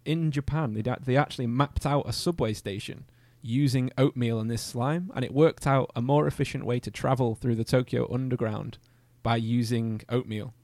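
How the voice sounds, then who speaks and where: An English man co-hosting a podcast, chatting casually and telling animated stories with frequent laughter. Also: medium pitch, moderate pace, hardly any pauses, no room sound. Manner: animated storyteller, laughs often. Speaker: podcast co-host. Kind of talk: casual chat.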